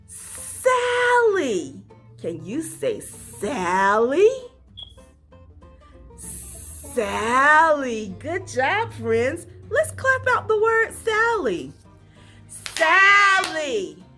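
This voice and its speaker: A woman teacher talks small children through a phonics lesson, high-pitched and very slow. Her voice swoops up and down in an encouraging sing-song full of questions. Faint music plays underneath. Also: a bit bright.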